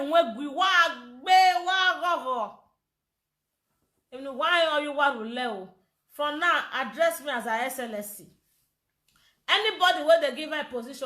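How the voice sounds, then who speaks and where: A woman with a Nigerian accent in an animated social media rant, loud, breaking into chanting and laughter. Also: very high voice, reverberant.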